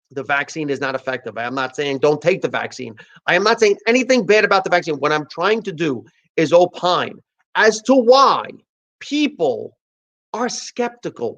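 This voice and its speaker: A man's voice: sits high, a bit bright. Male host, casual comedic chat, emphatic and repetitive, muffled lo-fi audio. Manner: emphatic, repeats himself for emphasis. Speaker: podcast host.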